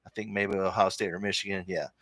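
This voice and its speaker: A man talks casually on a live sports stream, opinionated and rambling, and reads viewer comments as he goes. His voice is low-pitched but bright and forceful. The sound is dry and close to the mic. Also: steady tone, quick pace, no room sound. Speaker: podcast host.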